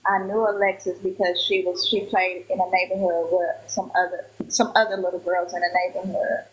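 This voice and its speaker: A woman in her thirties from Milwaukee, Wisconsin, appears as a witness guest on a casual live stream, telling her account and acting out what people said. Her voice is on the low side with little pitch movement and moderate pace, in a rough recording with slight background noise.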